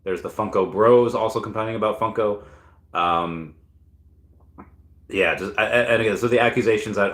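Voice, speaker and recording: Man, low voice, rambling and opinionated, casual stream commentary, roomy echo. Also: normal speed, long pauses, fairly bright tone. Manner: rambling, opinionated, frequent coughs and asides. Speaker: crypto and collectibles YouTuber.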